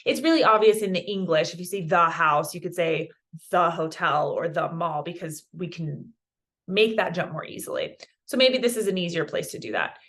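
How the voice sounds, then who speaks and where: A woman's voice: on the low side, normal speed, fairly bright tone. A woman from Colorado teaching a beginner Spanish lesson online, chatty and encouraging, dropping Spanish words into her explanations. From Colorado, USA.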